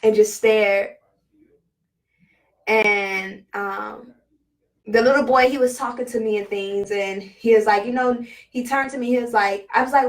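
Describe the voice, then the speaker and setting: A woman vlogger telling a personal spiritual story in a casual, halting way, full of fillers and emotion. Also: medium pitch, fairly even intonation, far from the mic, poor audio.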